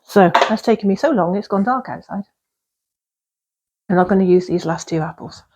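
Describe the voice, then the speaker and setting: A woman's voice: medium pitch, normal speed, very noisy. A woman chatting casually while baking in her cottage kitchen, rambling along with fillers and little laughs. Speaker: vlogger baking at home. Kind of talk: casual cooking vlog chat.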